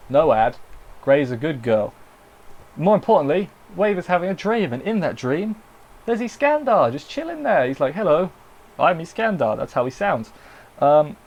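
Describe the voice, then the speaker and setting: A man's voice: mid-range voice, highs cut off. A man giving a casual, rambling anime episode review. He corrects himself often and mock-quotes the characters.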